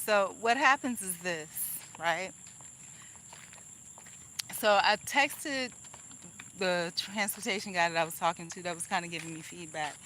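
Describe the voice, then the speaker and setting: Brief: angry woman vlogger, lowish pitch, rambling rant, faint outdoor noise with crickets. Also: fairly quick, hardly any pauses, sharp tone, low-quality recording. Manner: venting, rambling with restarts and laughs. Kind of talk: casual vlog monologue.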